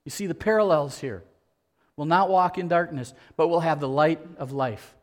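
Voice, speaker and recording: Emphatic male preacher, higher-pitched. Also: normal speed. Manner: repetitive, emphatic preaching with rhetorical questions. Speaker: pastor. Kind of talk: sermon.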